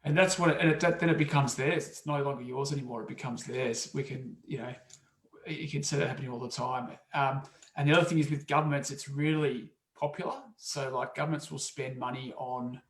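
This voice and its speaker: A man's voice: medium pitch, fairly even intonation, a little fast. A man speaking as a guest in a casual podcast chat, plain-spoken and emphatic. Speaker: guest researcher. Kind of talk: casual conversational interview. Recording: echoey room.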